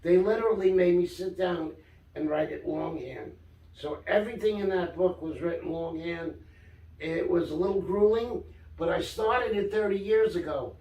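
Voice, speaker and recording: Older New man, high voice, animated storyteller, off-mic in an echoey room. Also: normal speed, distant mic. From Brooklyn, New York. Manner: animated storyteller, acts out quoted dialogue. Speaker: guest author. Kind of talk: casual storytelling interview.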